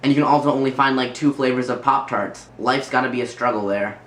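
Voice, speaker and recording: A man's voice: medium pitch, quick pace, fairly bright tone. A young man from the United States hosting a casual comedic vlog chat, joking in a playful, mock-naive way. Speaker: vlog host. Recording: roomy, slight noise.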